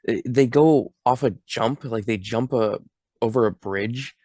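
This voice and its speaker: A man's voice: mid-range voice, unhurried, dark tone, no echo, studio quality. A young man co-hosting a podcast, casually recapping a movie and reading critical remarks from his notes. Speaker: podcast co-host.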